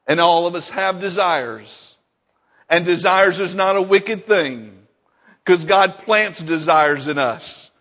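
A man's voice: sits high, a bit bright, highs cut off. A male pastor preaching a sermon, emphatic and repeating key lines, chuckling between points.

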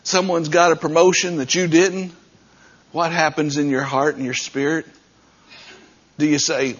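A male pastor with a husky voice pitched a little high delivers a direct, conversational sermon, speaking plainly to his congregation. His tone is level and unhurried, with long pauses, and the recording sounds dull and lo-fi.

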